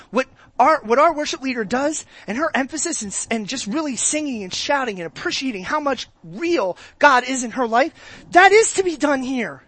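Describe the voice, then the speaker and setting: A man's voice: extremely high pitch, fairly bright tone, no room sound. A man preaching a sermon as pastor, talking to the congregation conversationally, asking rhetorical questions and repeating his words.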